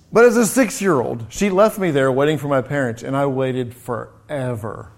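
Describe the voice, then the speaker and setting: This is a middle-aged man with a voice in an ordinary middle register. He talks through personal stories with an easy, lively delivery. He often restarts his phrases as he goes. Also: medium pitch. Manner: conversational, lively retelling with frequent restarts. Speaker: speaker who runs a coaching business. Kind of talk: personal storytelling talk.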